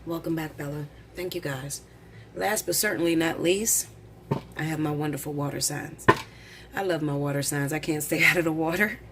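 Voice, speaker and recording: A woman reading tarot cards in a casual, blunt, excitable way, rushing and tripping over her words. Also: deep voice, background noise. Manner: rapid, excitable, blunt with swearing. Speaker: tarot reader.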